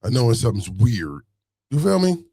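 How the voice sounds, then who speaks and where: A man's voice: mid-range voice, sing-song, normal speed, mellow, slightly rough, dry recording. A man telling a story in a casual monologue, full of street slang, repeating phrases as he goes on a rant.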